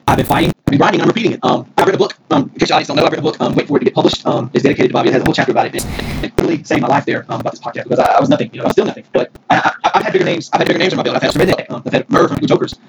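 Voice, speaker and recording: A man from Mississippi, telling a story as a podcast guest, rambling and excited with many restarts. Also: mid-range voice, very fast, creaky. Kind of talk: casual storytelling. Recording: noisy recording.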